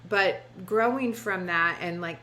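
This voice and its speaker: A woman's voice: fairly low pitch, measured pace, sharp tone, poor audio. A woman hosting a podcast, speaking reflectively with many ums and supportive affirmations. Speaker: podcast host. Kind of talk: casual interview chat.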